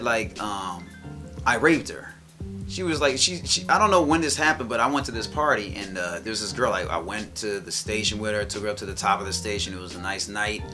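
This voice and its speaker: Guy rambling thru a story on a podcast, lots of restarts, music in the background. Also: on the low side. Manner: rambling, restarts, quotes others in raised voice. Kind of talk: casual storytelling chat.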